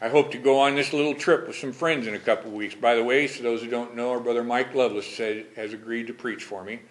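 A man with a medium-pitched, fairly even voice leads a Bible study at a quick pace. He reads scripture formally, then discusses it conversationally and puts questions to his congregation.

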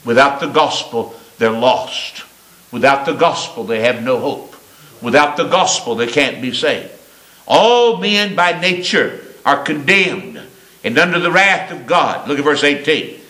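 Older preacher, bright ringing voice. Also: male voice, mid-range voice, moderate pace, reverberant, rough recording. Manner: preaching with shifting emphasis, rising and falling. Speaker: pastor. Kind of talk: sermon. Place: church sanctuary.

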